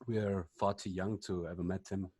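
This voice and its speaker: A man's voice: sits low, flat delivery, dark tone, slightly rough, no room sound. Hesitant man asking a question, dry sound. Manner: hesitant, halting non-native English. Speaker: audience member asking a question. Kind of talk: conference Q&A question.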